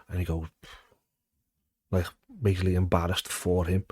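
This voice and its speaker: In a casual interview, a man in his thirties who used to play football tells stories in a Liverpool accent. His voice is deep and moderately paced on a dry recording; he's animated, swears liberally, and booms out quotes in character.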